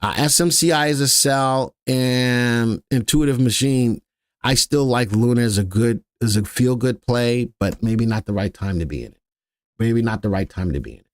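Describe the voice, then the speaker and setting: A man's voice: medium pitch, normal speed, no room sound. A man hosting a live stock-analysis stream, chatting casually with viewers and crew and repeating his key points. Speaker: livestream stock analyst host.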